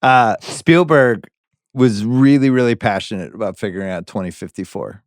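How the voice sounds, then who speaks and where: A middle-aged American man hosts a casual podcast, relaxed and wry as he steers the conversation. His voice sits fairly low, and the recording is close and dry, with no room sound. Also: moderate pace, dry recording. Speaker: podcast host.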